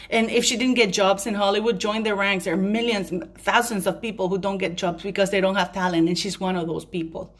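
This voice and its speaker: Speaking in a mid-range voice, a woman vlogger from a Commonwealth country gives her viewers an emphatic opinion rant directly, occasionally pausing to apologize for ranting.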